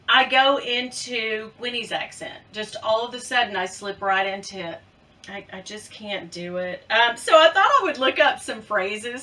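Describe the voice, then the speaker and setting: Slow-talking, bright-voiced chatty woman. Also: on the high side, far from the mic, low-quality recording. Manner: chatty, giggly and playful. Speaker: luxury bag vlogger. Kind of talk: casual chat to camera.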